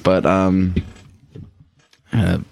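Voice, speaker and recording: Low-voiced laid-back man joking with friends. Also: completely flat delivery, extremely slow, creaky, a little mellow. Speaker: podcast co-host. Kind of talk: casual chat among friends.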